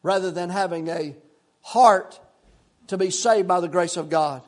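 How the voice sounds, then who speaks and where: An older male pastor preaching a sermon in a repetitive, impassioned cadence that drops into hushed, folksy storytelling. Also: high voice, unhurried.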